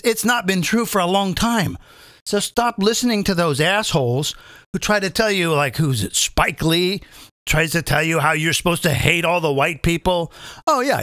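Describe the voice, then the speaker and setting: A man's voice: high voice, a bit bright, no room sound, studio quality. A man in his fifties hosting a live comedic political rant, rambling and repeating phrases as he stumbles over restarts. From British American. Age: 50s. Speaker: comedian host.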